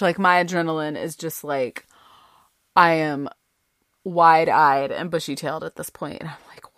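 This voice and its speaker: A woman telling a personal family story in a chatty, animated way, full of fillers and quick laughs. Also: on the low side, no room sound, clean studio sound. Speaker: storyteller sharing a family anecdote; mother.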